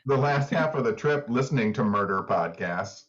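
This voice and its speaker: A man's voice: mid-range voice, animated, moderate pace, fairly bright tone. Laid-back man, dull lo-fi sound. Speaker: podcast co-host. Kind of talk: casual chat.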